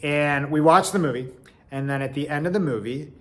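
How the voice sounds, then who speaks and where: Animated man telling a personal story. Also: a little high, fairly quick. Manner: animated, shifting between loud and quiet.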